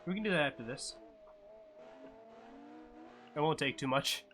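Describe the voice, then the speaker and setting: A man gives casual commentary on a live-streamed racing game, chatty and offhand, letting out sudden excited yelps when crashes happen. His voice is fairly high and unhurried, with slight background noise.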